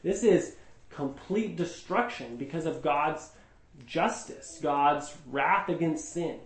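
A man's voice: a little high, takes it slowly. Emphatic man teaching Bible study. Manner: emphatic, explains word by word, asks rhetorical questions. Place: indoor room with a group. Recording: echoey room.

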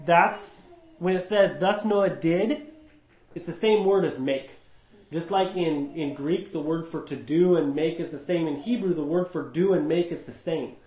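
Bible study teacher: man, fairly high voice, emphatic, echoey room. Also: a little mellow. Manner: emphatic, explains word by word, asks rhetorical questions. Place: indoor room with a group.

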